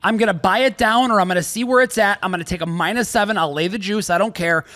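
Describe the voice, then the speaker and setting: Excitable high-voiced man talking bets. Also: fast. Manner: loud, excitable, joking, shifts into shouting. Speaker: sports betting podcast co-host. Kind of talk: casual sports betting chat.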